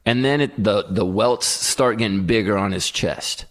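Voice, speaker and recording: A man co-hosting a casual podcast. He speaks in a lowish voice and tells his story with lively energy, throwing himself into what each person said. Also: moderate pace. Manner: animated storyteller who acts out quotes. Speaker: podcast co-host. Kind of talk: casual chat.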